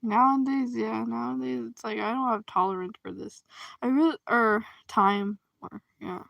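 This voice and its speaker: A woman hosting a casual livestream chat, reacting to comments, expressive and quick to laugh. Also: mid-range voice, vocal fry, no echo, dull audio.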